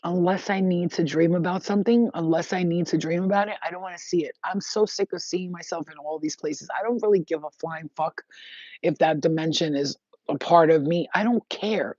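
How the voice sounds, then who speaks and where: A woman's voice: lowish voice, fairly quick, mellow, no echo. A woman vlogging to her viewers, venting emphatically and profanely in a rambling monologue. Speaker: spiritual vlogger. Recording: dull, dry lo-fi recording.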